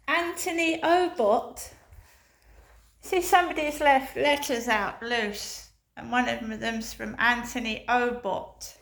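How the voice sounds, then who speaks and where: A woman's voice: a little high, a little slow, gravelly, a bit bright. A woman, chatting casually to her channel while out walking her dog. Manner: chatty, incredulous storytelling. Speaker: vlogger. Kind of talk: casual chat.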